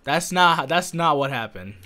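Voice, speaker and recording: Man, lively gaming banter, bright, slightly higher voice, teasing with sudden yells. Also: unhurried. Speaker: gameplay commentator. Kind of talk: casual let's-play banter.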